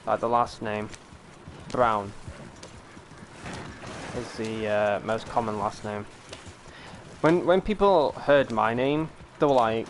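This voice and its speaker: A man's voice: mid-range voice, takes it slowly, pauses often, slight background noise. A young man from the United Kingdom, chatting casually and rambling to his viewers while streaming a game. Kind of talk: casual live-stream chat.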